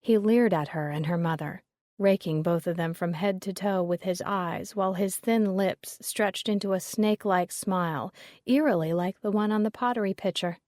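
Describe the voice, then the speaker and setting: In a dry, studio-quality recording, a woman with a mid-range voice narrates a story as an audiobook reader. The scripted delivery is steady and measured throughout.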